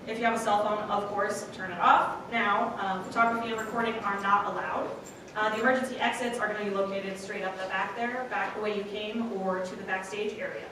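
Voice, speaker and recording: A woman organizer thanking partners and giving house announcements before a theatre event, a little halting. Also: mid-range voice, steady tone. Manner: quick, thankful, slightly halting. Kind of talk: opening announcements. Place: theatre stage, live event. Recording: roomy hall, voice from far off, noise.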